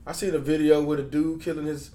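A man's voice: on the high side, little pitch movement, fast, dark tone. Blunt man with roomy echo. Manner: blunt, profane, rambling with restarts. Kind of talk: casual chat. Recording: roomy echo, faint background noise.

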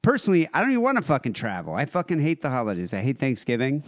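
Lively-voiced swearing American podcast host. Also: male voice, mid-range voice, very fast. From United States. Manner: swears freely, laid-back and joking. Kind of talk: casual profane podcast chat.

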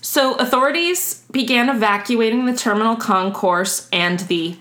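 A woman's voice: a little high, moderate pace, a bit bright. A woman co-hosting a podcast, telling a story in a casual, chatty way and laughing often. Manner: chatty, laughs often, restarts while explaining. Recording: roomy echo.

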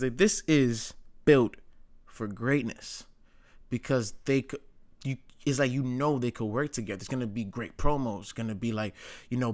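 A man's voice: medium pitch, fairly bright tone. Rambling, slangy man ranting casually. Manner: rambling and opinionated, heavy on "like" and slang, swears. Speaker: wrestling commentary host. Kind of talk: casual chat.

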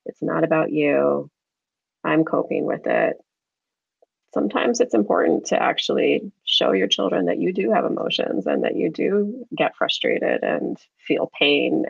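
A woman guest with a low, gravelly voice explains research in an easygoing way, often breaking into light laughs. The recording is dry and slightly dull, like a lo-fi call. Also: no echo. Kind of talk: conversational interview.

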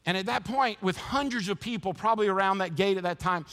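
A man's voice: sits high, animated, quick pace, hardly any pauses, fairly bright tone. Impassioned male pastor preaching. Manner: impassioned, builds to raised emphatic peaks, repeats words as he restarts. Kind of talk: sermon.

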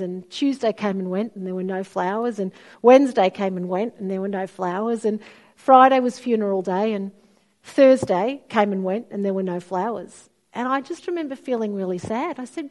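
A woman's voice: mid-range voice, moderate pace. A middle-aged woman, preaching a sermon and telling stories expressively. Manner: storytelling, expressive, acts out quoted voices.

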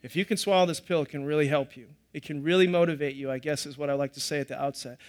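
A man's voice: fairly high pitch, steady tone, fast talker. A middle-aged man, preaching a sermon to a live congregation in a conversational way with joking asides. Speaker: pastor.

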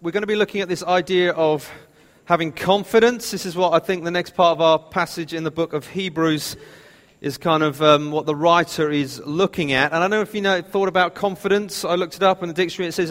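A man's voice: a little high, fairly even intonation, a little fast, a bit bright. A man, preaching a sermon in a chatty, self-mocking storytelling way. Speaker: pastor. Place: church hall. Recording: long hall reverb.

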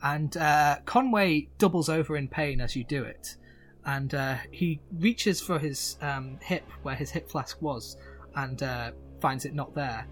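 A man narrating as game master of a tabletop game, pausing often with filler sounds. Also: fairly high pitch, soft background music. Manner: hesitant, full of filler sounds.

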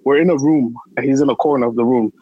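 Husky-voiced New man telling a story. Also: mid-range voice, quick pace, dull audio. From New York. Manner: emphatic, repetitive street slang. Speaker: podcast co-host. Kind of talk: casual storytelling chat.

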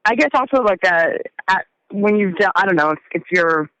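A woman's voice: medium pitch, expressive, moderate pace, fairly bright tone, smooth, dry recording, highs cut off. A woman musician chatting as an interview guest, meandering and hesitant, often trailing off mid-thought. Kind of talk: casual interview chat.

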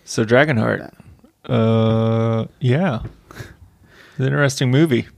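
A man's voice: medium pitch, slow, gravelly, darkish tone. A man co-hosting a casual podcast chat, joking around and repeating phrases for comic emphasis. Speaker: podcast co-host.

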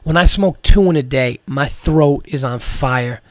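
A man's voice: medium pitch, measured pace, no echo. A man, a comedian hosting a podcast, telling a rambling story full of swearing and "like" fillers. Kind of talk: casual storytelling.

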